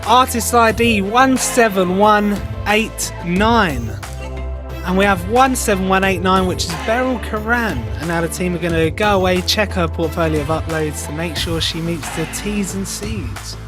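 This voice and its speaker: High-voiced man announcing on a podcast. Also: moderate pace, hardly any pauses, music in the background. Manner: announcing, reading out details. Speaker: podcast co-host. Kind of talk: casual podcast chat.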